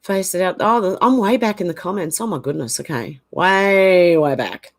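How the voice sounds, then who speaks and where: A woman's voice: lowish voice, normal speed. An Australian woman hosting a live stream from home, chatting casually and greeting viewers by name as she reads their comments. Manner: chatty, greets viewers by name with a bright lilting "how you going". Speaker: livestream host. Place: home room, indoors.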